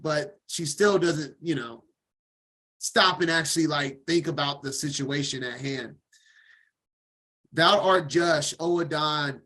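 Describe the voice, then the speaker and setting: A man's voice: a little high, fairly bright tone. A man teaching scripture, reading a passage line by line and stopping to add his own informal comments. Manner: reads aloud, then breaks off to comment casually.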